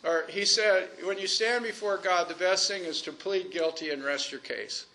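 A man preaching a sermon in a conversational way, asking the congregation questions and slowing down to stretch out key phrases. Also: high voice, pushed and bright, a little hiss or hum.

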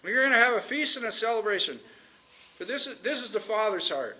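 Bright high-voiced preacher. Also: male voice. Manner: conversational, asks the congregation questions; stretches out key phrases slowly for emphasis. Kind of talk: sermon.

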